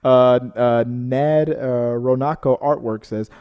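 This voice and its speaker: A man co-hosting a reaction channel reads viewer comments in casual chat, rambling into side stories and then apologizing for them. His voice is medium-pitched, steady and smooth, his pace slow, and the sound lo-fi.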